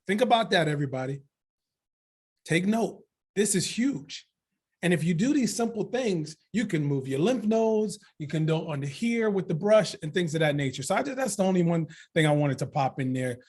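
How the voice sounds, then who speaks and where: A man's voice: fairly high pitch, lively intonation, moderate pace, darkish tone, breathy edge. A man co-facilitating a training session, upbeat and chatty, laughing often.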